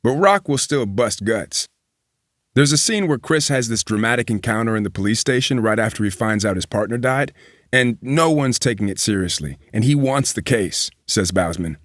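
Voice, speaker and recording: Guy reading a magazine feature out loud, steady and even, dry close sound. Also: mid-range voice, normal speed, dry recording. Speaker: news reader. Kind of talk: reading a magazine profile aloud.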